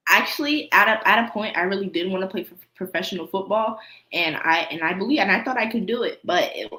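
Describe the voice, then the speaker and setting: A teenage girl telling stories as a guest in a casual interview, animated and acting out what others said. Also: mid-range voice, fast. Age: teens. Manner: animated, acts out her mother's shouting. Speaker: guest, young football player. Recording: roomy echo.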